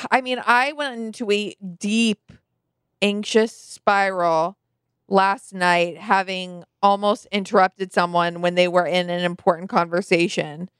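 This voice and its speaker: A woman co-hosting a casual podcast, talking in a measured way with hesitant restarts. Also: mid-range voice, fairly even intonation, smooth, no room sound, studio quality. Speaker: podcast co-host. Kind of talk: casual chat.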